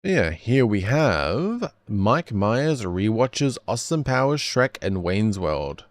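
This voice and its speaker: A man's voice: lowish voice, slow pace, no room sound. A man streaming casually, rambling and correcting himself as he reacts to videos. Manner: rambling, self-correcting, lively.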